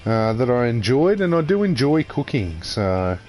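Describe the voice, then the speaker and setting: A man's voice: medium pitch, sing-song, normal speed, darkish tone. An Australian man co-hosting a casual podcast chat, jokey and laid-back, swearing freely. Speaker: podcast co-host.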